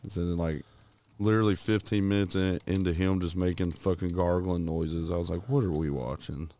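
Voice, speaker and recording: A man's voice: deep voice, fairly even intonation, moderate pace, warm tone. A man co-hosting a podcast, chatting crudely and breaking into laughter and silly put-on voices. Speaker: podcast co-host. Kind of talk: crude casual chat.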